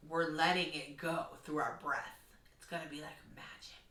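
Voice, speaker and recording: A woman's voice: low-pitched, fairly even intonation, normal speed, roomy sound, distant mic. A woman who teaches kindergarten, speaking earnestly and encouragingly in a heartfelt vlog. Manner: earnest, encouraging, gently instructive. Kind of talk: heartfelt talking-to-camera vlog.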